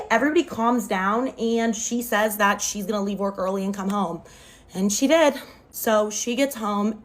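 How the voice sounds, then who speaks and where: A young adult woman telling a casual storytime into her phone. She recounts it in an animated, expressive way and uses "like" often. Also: a little high. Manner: expressive, animated retelling with lots of "like".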